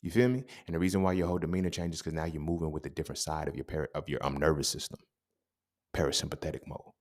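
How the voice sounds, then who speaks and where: Fast and animated, this young podcast host rattles off a loose monologue in a deep voice, laced with profanity and street slang, much like recounting his own experience to a buddy.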